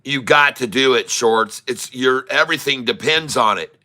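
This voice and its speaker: A middle-aged man giving excitable, taunting live commentary while day-trading, drawling numbers and talking to the market. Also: mid-range voice, moderate pace.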